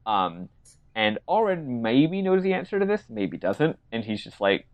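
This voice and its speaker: A man's voice: mid-range voice, sing-song, measured pace, highs cut off. A man co-hosting a podcast, casually recapping a game's plot and acting out characters' lines with laughs and swearing. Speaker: podcast co-host. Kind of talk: casual chat recapping a game.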